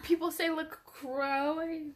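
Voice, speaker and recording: A young woman co-hosting a casual chat, playful and giggly, chiming in with quick remarks. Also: sits high, little pitch movement.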